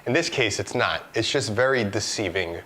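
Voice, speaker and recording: A man's voice: on the low side, expressive, moderate pace, sharp tone. A man presenting a video lesson, explaining product examples one by one in a scripted, instructive way. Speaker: course instructor.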